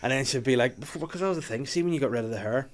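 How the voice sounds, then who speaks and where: A man's voice: medium pitch, very fast. A man, hosting a casual podcast chat and telling rambling stories with plenty of swearing. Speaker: podcast host.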